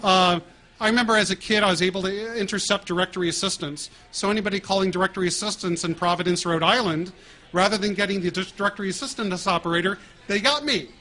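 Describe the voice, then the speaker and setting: A middle-aged man with a fairly high voice tells stories to a live audience. He is animated and laughs often as he speaks into a wireless mic. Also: fast talker. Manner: animated, laughing at his own prank stories. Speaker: author giving a talk. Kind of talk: storytelling talk to an audience. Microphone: wireless mic while walking around.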